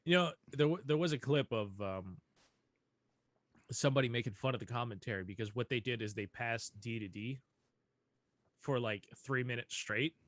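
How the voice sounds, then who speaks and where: Young male podcast co-host, animated, casual, swears now and then, mid-pitched, close and dry. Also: moderate pace, pauses often, dry recording. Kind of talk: casual chat.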